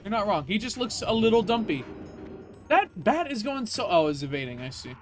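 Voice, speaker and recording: A man's voice: high-pitched, very animated, moderate pace, soft background music. A man streaming a video game, ranting in casual, profane commentary.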